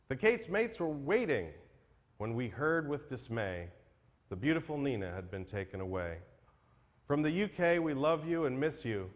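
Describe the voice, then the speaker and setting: A man serving as emcee at a memorial livestream, reading tribute poems aloud with earnest, self-deprecating care, then introducing the next acts. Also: medium pitch. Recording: long hall reverb.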